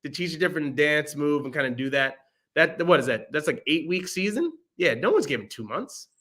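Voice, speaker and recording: Bright-voiced, animated young man. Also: on the high side, a little fast. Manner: animated, joking, laughs often. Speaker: podcast co-host. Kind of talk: casual movie review chat.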